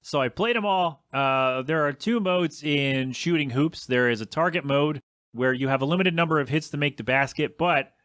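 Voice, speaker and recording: A man's voice: a little high, moderate pace, a bit bright, no room sound, studio quality. A young adult man hosting a casual solo podcast, rambling and complaining in an exasperated way with some swearing. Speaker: podcast host.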